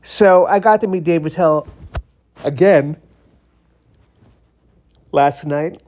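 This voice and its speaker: A man's voice: on the high side, slow pace, darkish tone. A tired man casually telling a story to his vlog audience, rambling with many fillers and restarts. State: tired, yawning.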